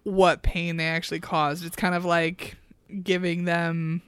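Slow-talking sardonic woman podcaster. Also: on the low side, little pitch movement, a bit bright, clear, resonant tone. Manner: chatty and sardonic, frequent laughs and ums. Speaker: podcast co-host. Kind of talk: casual reality-show recap chat.

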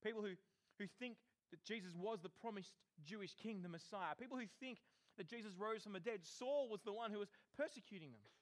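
Male preacher, sermon, high voice, animated, acts out quotes. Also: a little fast.

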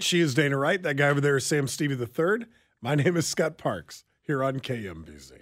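A man's voice: on the high side, expressive, a little fast, a bit bright, dry recording, clean studio sound. A man hosting a talk radio show, wry, blunt and conversational as he gives the call-in number and takes callers. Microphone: studio microphone.

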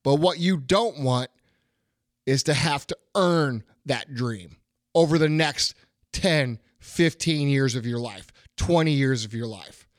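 Speaking slowly in a medium-pitched voice, a middle-aged podcast host gives an emphatic, foul-mouthed pep talk, bluntly repeating himself over and over. The sound is clean studio audio with no room sound.

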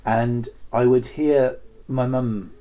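A man's voice: mid-range voice, fairly even intonation, slow pace, warm tone. A middle-aged man chatting casually and rambling through old memories, with many ums and restarts. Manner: rambling, lots of ums and restarts, breaks into voices for anecdotes. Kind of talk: casual nostalgic chat.

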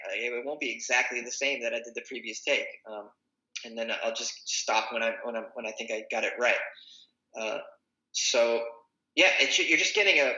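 A man's voice: mid-range voice, sharp tone, roomy sound, rough recording. A man, a comedian and podcaster, talking casually in a rambling way with lots of fillers and restarts. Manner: rambling, self-correcting, many fillers. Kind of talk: casual conversation.

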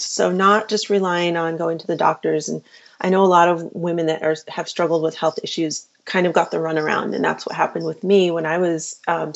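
A woman physician speaks in an earnest, casual way, stopping and restarting often. Her voice sits low and has a gravelly fry. The recording sounds dull and lo-fi. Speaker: physician and podcast host, guest. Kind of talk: casual interview answers.

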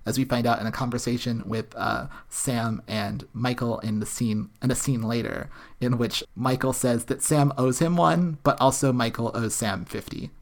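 A woman's voice: extremely low pitch, moderate pace, few pauses. A woman co-hosting a podcast, casually recapping a TV episode with sarcastic, profane asides. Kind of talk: casual chat.

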